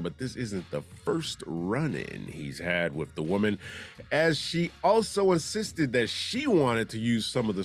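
Sarcastic man hosting comedy news. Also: medium pitch. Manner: sarcastic, with wisecracking asides. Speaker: host of a comedy news show. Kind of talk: joking news commentary.

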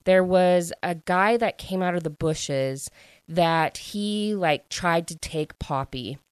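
A woman's voice: fairly low pitch, smooth, no room sound. A young woman hosting a book podcast, chattily recapping the plot with lots of "like" fillers. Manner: chatty, fillers of "like", quick retelling. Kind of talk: casual spoiler recap.

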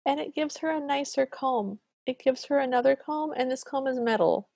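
A woman's voice: sits high, normal speed, gravelly, darkish tone, dry recording, clean studio sound. A woman co-hosting a podcast, casually recapping a film with enthusiastic, playful commentary and fan theories. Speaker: podcast co-host.

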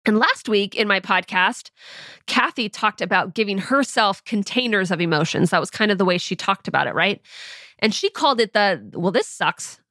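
A woman's voice: medium pitch, moderate pace, dry recording, studio quality. A woman in her thirties hosting a podcast, talking casually with filler words and light laughs. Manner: conversational, with filler words like "you know" and frequent soft laughs. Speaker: podcast host.

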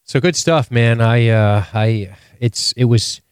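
A man's voice: medium pitch, slow pace, clear, resonant tone, no echo, studio quality. A man co-hosting a podcast, recapping a TV episode in casual chat, swearing freely and laughing often. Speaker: podcast co-host.

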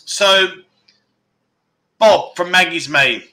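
A moderate-paced, animated man with a high-leaning, pushed and bright voice runs a casual livestream in Pattaya, Thailand. He reads out viewer donations, chatty and grateful, often restarting as he thanks viewers.

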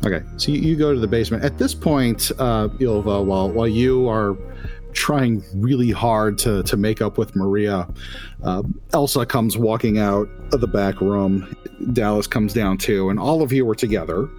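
A man narrates a tabletop role-playing game as game master, talking loosely with plenty of fillers and restarts. His voice is fairly low. Faint music plays quietly underneath. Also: normal speed.

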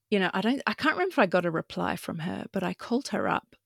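A woman's voice: medium pitch, gravelly, no echo, studio quality. A young woman tells her personal story as a podcast guest, frank and emotional and swearing casually.

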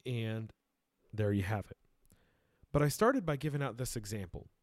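A man's voice: mid-range voice, expressive, moderate pace, no echo. Chatty male podcast host, dry studio sound. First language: Arabic. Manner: conversational, emphatic, with frequent restarts. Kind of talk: casual podcast monologue.

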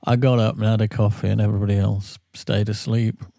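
A man's voice: fairly low pitch, flat delivery, fast talker, vocal fry, mellow, dry recording, studio quality. A tired man, a singer and regular guest, telling rambling self-deprecating stories in casual podcast chat. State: tired from a sleepless night.

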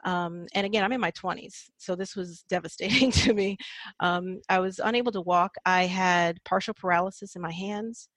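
A woman's voice: on the low side, moderate pace, a bit bright, dry recording. A woman in her thirties, a podcast guest, telling her personal story reflectively with frequent fillers and small laughs.

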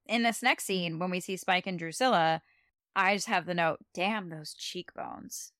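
A woman's voice: lowish voice, moderate pace, fairly bright tone, clear, resonant tone, no room sound, studio quality. A young adult woman co-hosting a podcast, chatting casually and animatedly about a TV episode, with lots of "like". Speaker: podcast co-host. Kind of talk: casual chat recapping a TV episode.

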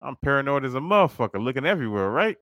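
A man's voice: mid-range voice, very animated, very fast, fairly bright tone, no echo. A man hosting a podcast, telling a story casually and profanely, acting out quoted dialogue. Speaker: podcast host.

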